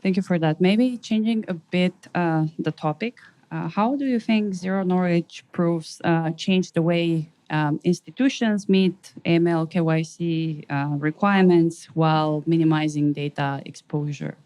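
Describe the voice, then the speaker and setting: A woman's voice: fairly low pitch, unhurried, a little mellow, no room sound. A woman moderating a panel, asking questions hesitantly with many fillers.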